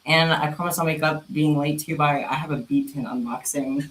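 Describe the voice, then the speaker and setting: A man's voice: on the high side, fairly even intonation, a little fast, fairly bright tone. A man vlogging casually to his viewers, out of breath and apologetic, laughing between phrases. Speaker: crafting vlogger. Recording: echoey room with faint noise.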